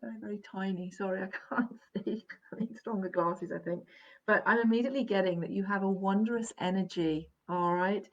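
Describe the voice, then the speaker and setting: A female psychic medium gives a live online reading in a soothing, reassuring tone, her medium-pitched voice brisk. She's gentle, keeps checking in with "all right?" and "okay?", and laughs softly between sentences. The live stream audio is dull and lo-fi.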